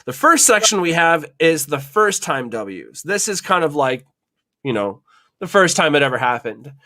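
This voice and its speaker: A man's voice: on the high side, very animated, moderate pace, bright, forceful tone. A man hosting a podcast, telling a kitchen story in a loose, rambling way full of swearing and fillers. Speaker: podcast host. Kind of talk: casual storytelling chat.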